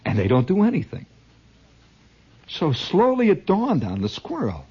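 A man's voice: high-pitched, wildly swooping pitch, unhurried, husky. A man telling a comic story as a dramatic monologue, adding his own sound effects, on a dull lo-fi recording. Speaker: comedian.

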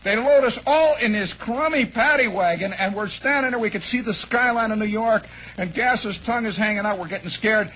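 A man from the American Midwest telling a long, animated personal story, rambling and acting out the shouts and lines of the people in it. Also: high voice, a little fast, a little hiss or hum, rough recording. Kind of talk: spoken anecdote, radio monologue.

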